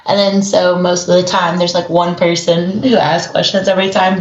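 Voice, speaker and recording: A woman's voice: fairly low pitch, level tone, normal speed. A woman chatting casually as a co-host who runs a haunted asylum, bubbly and cursing freely. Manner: bubbly, swears freely, laughs often. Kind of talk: casual podcast chat. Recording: roomy, dull lo-fi call audio.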